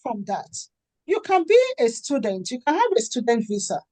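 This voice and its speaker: Animated Nigerian-raised woman telling stories. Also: a little high, moderate pace, dry recording. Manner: animated storytelling, acts out quoted dialogue. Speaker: guest, charity founder and author. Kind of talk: conversational interview.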